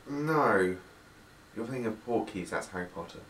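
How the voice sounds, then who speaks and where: A young man with a lowish, gravelly voice fires off dry, mock-exasperated quips, his pitch swinging widely. He sounds distant from the mic in an echoey room, with clear noise behind. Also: lively intonation, moderate pace, fairly bright tone. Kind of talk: joking behind-the-scenes banter.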